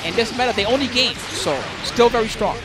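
The recording is very noisy, with game music playing as a man hosts a live fighting-game tournament. His voice is very high and brisk, full of slangy chatter aimed at chat and lots of laughter as he calls the matches.

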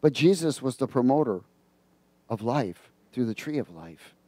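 A man's voice: mid-range voice, expressive, moderate pace, mellow, no echo. A male preacher giving a sermon, reading scripture aloud and prompting the congregation to fill in the words. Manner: reads scripture aloud and comments on it.

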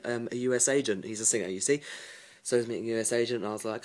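Lower-voiced man chatting to his phone. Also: animated, very fast. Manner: chatty, rambling, mimics other people's voices, laughs often. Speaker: vlogger. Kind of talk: casual storytelling to camera. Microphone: phone camera.

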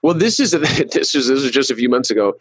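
A man's voice: medium pitch, sing-song, fast, a crowd in the background, low-quality recording. A man speaking as a guest on a marketing webcast, rambling, with many restarts and fillers. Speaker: guest, digital marketing consultant. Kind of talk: casual webcast interview.

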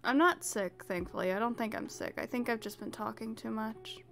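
A woman's voice: a little high, creaky, faint music behind. A tired woman streamer chatting casually and sleepily, trailing off between thoughts. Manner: sleepy, drawn-out casual talk with soft laughs. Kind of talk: casual chat.

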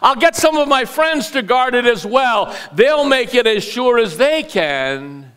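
A cackling spider villain from a storybook, scheming and gloating as a male preacher puts him on. The voice jumps sharply higher and louder for the gleeful laughs. It stays bright and animated throughout. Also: measured pace, clean tone, heavily acted. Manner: cackling, boastful.

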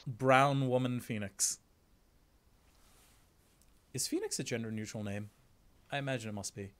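A man hosting a casual game stream, joking with his guest and dropping into quiet mumbled asides. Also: mid-range voice, unhurried. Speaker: streamer host.

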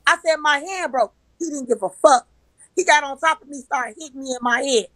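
A woman's voice: high-pitched, a little fast, sharp tone, no room sound, rough recording. A woman telling a heated personal story, emphatic and profane, acting out the arguments she quotes. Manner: profane, repetitive. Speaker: live-stream guest.

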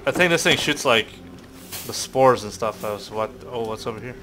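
A young man casually commenting while playing a shooter game, excitable and full of exclamations. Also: mid-range voice, moderate pace. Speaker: gameplay streamer. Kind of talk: casual let's-play commentary. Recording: game music behind.

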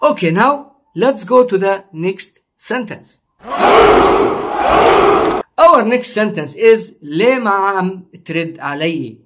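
High-voiced man teaching a language slowly. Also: lively intonation, a bit bright, some chatter behind. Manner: slow, repetitive explaining, drawing out words. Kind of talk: online language lesson.

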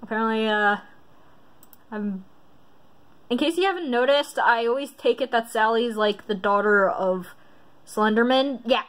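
A woman's voice: a little high, unhurried, pauses often, fairly bright tone. A woman vlogger in casual commentary, reading quiz questions aloud and rambling through her reactions.

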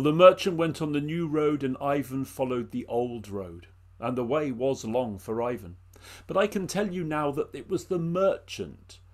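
A man from England telling a folk tale to an audience, expressive and addressing listeners by name. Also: medium pitch. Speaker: storyteller. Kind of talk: oral storytelling performance.

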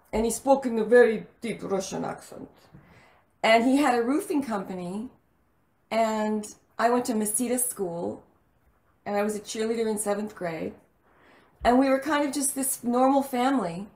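A woman from El Paso telling stories about her childhood in a casual interview, chatty and animated. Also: a little high, roomy sound. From El Paso, Texas. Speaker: actress guest.

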